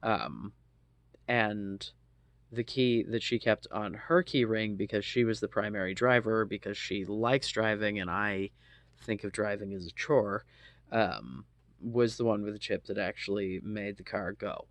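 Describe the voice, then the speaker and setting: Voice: low-pitched, measured pace, no echo. An adult in their thirties casually telling a personal story, rambling with lots of ums and asides and swearing freely.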